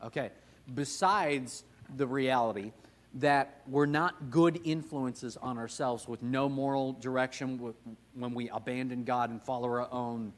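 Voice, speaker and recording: A man teaching a casual Sunday Bible class, joking and talking with the room and putting questions to the class. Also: medium pitch. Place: church classroom.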